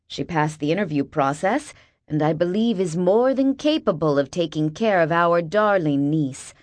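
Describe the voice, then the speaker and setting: A woman voicing a kindly, soft-spoken aging male millionaire. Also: on the low side, expressive, normal speed, dry recording, close to an everyday voice.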